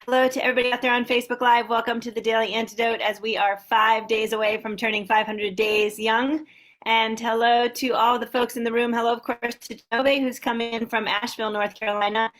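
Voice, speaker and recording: Upbeat woman host with a flat high voice. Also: fairly quick. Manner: warm, upbeat greetings to a long list of participants. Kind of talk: casual welcome on a video call.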